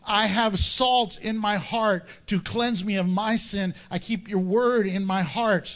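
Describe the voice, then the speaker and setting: A man with a notably high voice preaches a sermon, animated and playful, chuckling at his own wordplay. The recording sounds a little dull and muffled. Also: unhurried, few pauses. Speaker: pastor.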